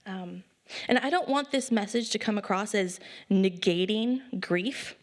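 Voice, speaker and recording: A young woman preaching a sermon in church, tender and emotional, close to tears at times, chatty with quick acted asides. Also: medium pitch. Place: church service.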